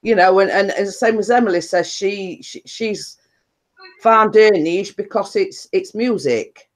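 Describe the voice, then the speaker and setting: A woman with a middle-pitched voice answers questions in a relaxed interview. She speaks plainly and keeps checking in with "you know what I mean" and "so to speak". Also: unhurried. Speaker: interview guest. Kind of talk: casual chat.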